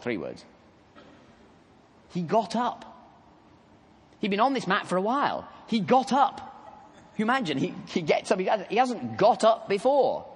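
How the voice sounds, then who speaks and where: A man preaching a sermon, telling the story in an animated, conversational way with asides to the congregation. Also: high voice, big-room sound, a little hiss or hum.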